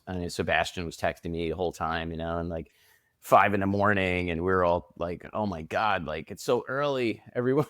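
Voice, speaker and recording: Lively man with a dry, close sound. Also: deep voice, dry recording. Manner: animated storyteller, acts out quotes. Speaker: prosthetic makeup designer. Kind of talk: casual interview chat.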